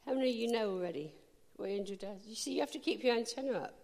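A woman preacher giving a sermon, telling lively stories and speaking directly to the congregation. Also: a little high, vocal fry, long reverb tail. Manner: lively storytelling, quick asides to the audience. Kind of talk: sermon with anecdotes.

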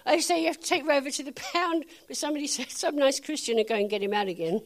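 A woman's voice: high-pitched, fast. An older woman preaching a sermon, telling funny personal stories, laughing often and acting out conversations.

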